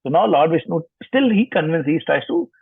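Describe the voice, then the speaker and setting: A man's voice: a little high, very animated, brisk, creaky, husky, no room sound. A man telling scripture stories in an online lesson, explaining, repeating and rephrasing as he goes, on a video call. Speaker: scripture teacher. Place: online session from home. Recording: tinny video-call line.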